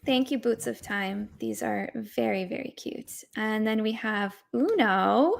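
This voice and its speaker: New england woman hosting a chatty stream, kinda high, gravelly, excited about pets. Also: a little slow. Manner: enthusiastic, coos over pet photos. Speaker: host. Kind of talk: casual chat on a livestream.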